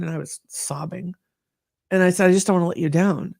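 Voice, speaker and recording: Woman guest, candid conversation, gravelly voice, dry close sound. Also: lowish voice, fairly quick, dry recording. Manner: earnest, animated storyteller.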